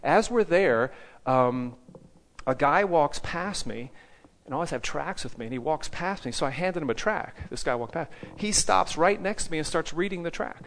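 A man preaching a sermon, telling personal stories in a lively way and often checking in with the listeners by asking "okay?". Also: on the high side, normal speed. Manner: animated storytelling, keeps asking "okay?".

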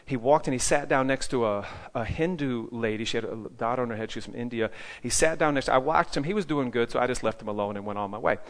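A man's voice: medium pitch, fast. A man preaching to a live group in a mid-range voice. He checks in with his listeners after nearly every point, tacking on "okay?" and throwing questions back at them. He speaks as a teacher of evangelism.

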